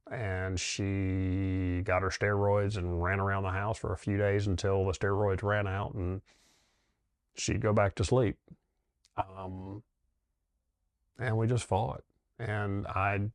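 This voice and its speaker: Deep, flat-voiced middle-aged man reflecting. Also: no echo. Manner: halting and heartfelt, with many pauses and fillers. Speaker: dentist sharing his wife's cancer story. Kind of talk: personal reflective storytelling.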